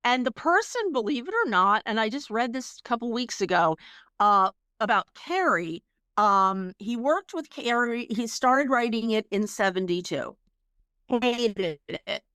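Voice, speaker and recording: A woman's voice: fairly high pitch, expressive, a little slow, pushed and bright, clear, resonant tone, dry recording, studio quality. A woman co-hosting a podcast, chatting casually and telling stories with laughs and frequent restarts. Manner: chatty storyteller, laughs, many restarts and fillers. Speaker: podcast co-host. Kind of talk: casual chat.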